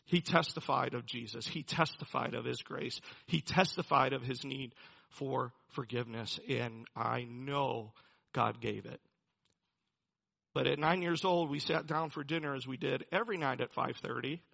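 A man's voice: medium pitch, moderate pace, creaky, bright, forceful tone, husky, muffled recording. A man preaching a sermon, telling a personal story in an earnest way and building to emphatic preaching. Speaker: pastor.

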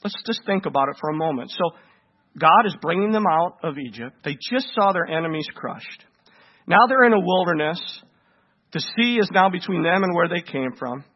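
A male preacher with a high, husky voice preaches an animated sermon in a church. He keeps turning to the congregation with questions. The recording sounds dull and lo-fi. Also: brisk.

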